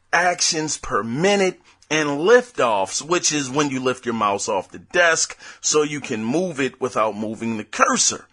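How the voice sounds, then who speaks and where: Bright-voiced excitable man hosting a podcast. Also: a little high. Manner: rambling, excitable, off the cuff. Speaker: podcast host. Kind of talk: casual gaming news podcast.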